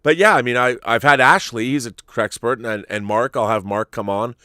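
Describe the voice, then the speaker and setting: A middle-aged man hosting a live stream, reading viewer messages and answering them in a halting, rambling way. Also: mid-range voice, sharp tone, clear, resonant tone, no room sound, clean studio sound. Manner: rambling, halting, restarts often. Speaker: host.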